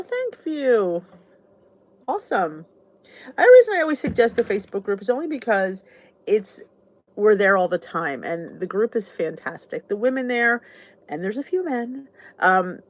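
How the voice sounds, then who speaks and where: A woman from southern New Jersey with a South Jersey accent, chatting casually and rambling on a live stream as host of her weight-loss channel. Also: mid-range voice. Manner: chatty, rambling, greets viewers.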